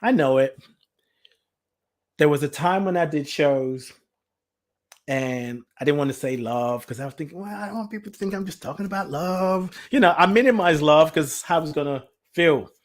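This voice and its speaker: Guy on a spiritual podcast talking from the heart, kinda high voice, gets emotional and says things twice. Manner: heartfelt, emotional, repeats himself; reads out listener comments. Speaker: podcast host. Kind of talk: emotional spiritual talk show monologue.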